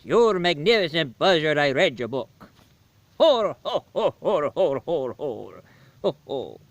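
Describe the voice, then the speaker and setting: A hearty, rambling Santa Claus, as a man puts him on with a mock Swedish accent and a big ho-ho laugh. His voice swings high and lively and stays bright. It sounds dry and close, like a homemade comedy sketch. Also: a little slow, dry recording. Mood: jolly. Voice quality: booming ho-ho laugh.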